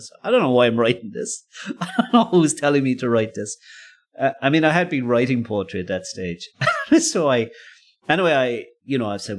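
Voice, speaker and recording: A man and podcast co-host, telling a personal story casually, rambling and self-interrupting with frequent laughs. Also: medium pitch.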